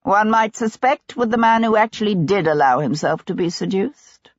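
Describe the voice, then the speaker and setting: A woman voicing a cool, guarded male Russian colonel who answers in an evasive, measured way, in a dull, dry recording. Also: mid-range voice, lively intonation, no echo, close to an everyday voice.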